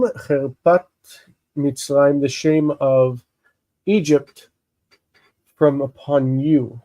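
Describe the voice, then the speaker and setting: A man with congested sinuses, slowly explaining a Bible text in a live lesson, halting and thinking aloud with many fillers. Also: medium pitch, creaky, warm tone, no room sound, poor audio. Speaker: Hebrew teacher.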